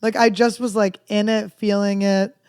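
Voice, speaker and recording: A woman comedian in her thirties telling candid, rambling stories with dark jokes in a casual podcast chat. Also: medium pitch, level tone, normal speed, smooth, dry recording, clean studio sound. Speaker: comedian guest.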